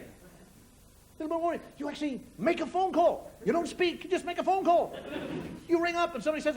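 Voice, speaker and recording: This Irish stand-up, middle-aged, speaks briskly in a very high, animated voice, telling a wry tale and doing character voices. A studio audience laughs along in this 1990 TV broadcast, and their noise is present throughout.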